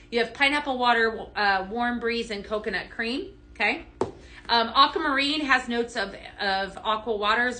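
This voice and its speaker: A woman hosting a live home-fragrance sales stream speaks with a fairly high pitch and a sharp tone, with slight background noise. During the casual product demo she chats with viewers and reads their comments, eager and enthusiastic, full of "um"s, fillers, and restarts.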